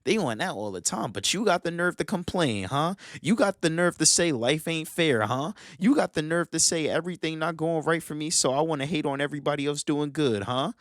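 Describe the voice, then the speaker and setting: A man's voice: fairly high pitch, lively intonation, a little fast, hardly any pauses, no echo, clean studio sound. A man giving a scolding motivational rant in slangy speech, repeating his lines for emphasis. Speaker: motivational vlogger.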